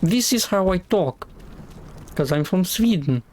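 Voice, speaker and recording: A man's voice: high-pitched, expressive, a little slow, darkish tone, pitched above the performer's own voice. A man voicing a chat viewer from Sweden in a mocking, sing-song, broken-English voice.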